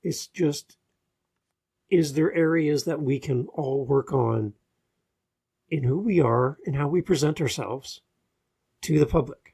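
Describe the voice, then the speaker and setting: Male podcast host: husky, a bit gravelly, measured delivery with restarts, close mic. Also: fairly high pitch, mellow. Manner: measured, with frequent restarts and fillers. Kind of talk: podcast advice monologue.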